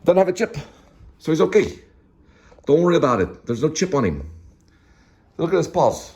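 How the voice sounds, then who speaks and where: A man's voice: a little high, big pitch swings, moderate pace, long pauses, a little mellow. A man hosting a casual vlog from his apartment, rambling and interrupting himself as he jumps between topics, filmed on a handheld phone. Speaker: vlog host. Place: apartment indoors. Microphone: handheld phone camera selfie.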